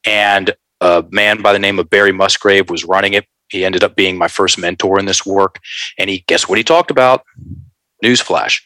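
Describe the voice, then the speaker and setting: A man telling a story in an animated, folksy way, calling his listeners folks. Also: low voice, moderate pace, dry recording, rough recording. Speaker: guest.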